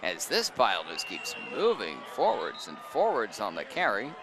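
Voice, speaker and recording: Man, young, football play-by-play, excitable, outdoor booth, band music playing. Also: normal speed, crowd noise. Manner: excitable, jumps up in pitch on big plays. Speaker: play-by-play announcer. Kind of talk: local high school football commentary. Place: outdoor press booth at a stadium. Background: marching band music.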